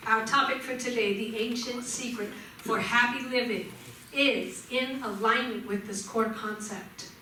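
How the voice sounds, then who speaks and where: A woman minister giving a gentle sermon in a church, telling stories and voicing shouts vividly. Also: on the high side, fairly even intonation, unhurried, a little hiss or hum. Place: church sanctuary. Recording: echoey church hall from far off.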